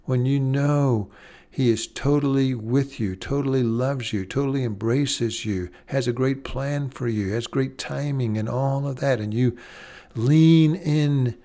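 A man delivers a sermon in a mid-pitched voice. He speaks earnestly, slowing and pausing for emphasis, and lets key phrases fall soft. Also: fairly even intonation. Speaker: preacher.

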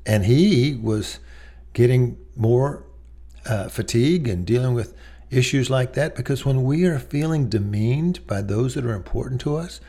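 A man's voice: medium pitch, warm tone, slightly rough. A middle-aged man preaching a sermon in a conversational way, telling personal stories with many asides. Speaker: pastor.

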